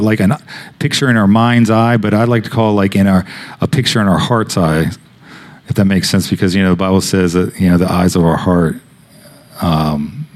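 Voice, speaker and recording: A man with a fairly low voice delivers a sermon as a rambling personal story. He talks in a casual, conversational way, restarting phrases and leaning on fillers as he goes. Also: a little mellow. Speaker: pastor.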